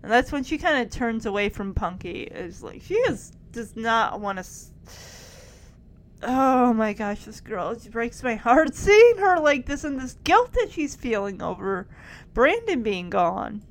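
A woman's voice: a little high, big pitch swings, measured pace. A woman hosting a TV reaction video, recapping scenes in an emotional, gushing way. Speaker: TV show reaction host.

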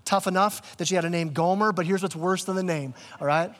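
A man's voice: high-pitched, fairly even intonation, brisk, fairly bright tone, long reverb tail. A man preaching a sermon as pastor, casual and conversational, often restarting his words. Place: church sanctuary.

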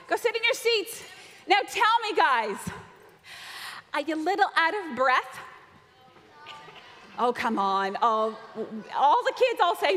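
A woman leading a lively children's talk in church, animated with the kids. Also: sits high, a little slow, long pauses, some chatter behind. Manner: animated, shouting out a count. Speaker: children's message leader. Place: church sanctuary. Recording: reverberant church hall.

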